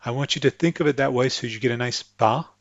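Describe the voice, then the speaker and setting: Speaking at an ordinary middle pitch, a patient instructor explains French sounds to English speakers, slowly repeating words as examples. The recording is dry and close, and his tone comes across a little dull and lo-fi.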